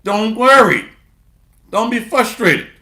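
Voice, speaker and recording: A man preaching a sermon, sarcastic and full of repeated refrains, shifting from low muttering to loud bursts and reading scripture aloud. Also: lively intonation, slow, echoey room.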